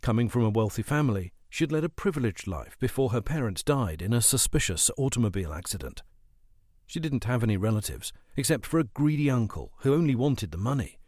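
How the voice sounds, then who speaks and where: A man narrating a children's adventure story as an audiobook, with expressive storytelling. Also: medium pitch, fairly quick, dry recording, clean studio sound.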